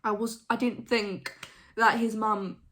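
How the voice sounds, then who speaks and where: A woman's voice: a little high, little pitch movement, a little slow, fairly bright tone. A young woman hosting a reaction video, thinking aloud in a hesitant, rambling way with many fillers and restarts. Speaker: reaction channel host. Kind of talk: casual reaction commentary.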